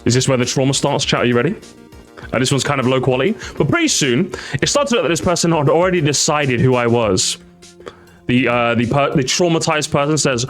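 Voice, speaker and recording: A man's voice: medium pitch, brisk, faint music behind. A young man doing casual stream reaction commentary, sarcastic and mocking, often restarting his sentences.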